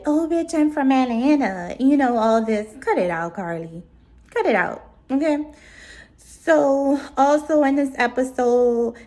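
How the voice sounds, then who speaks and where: Slow-talking sassy woman reviewer. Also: mid-range voice. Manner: blunt, sassy and profane. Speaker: reality TV reviewer. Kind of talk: casual recap commentary.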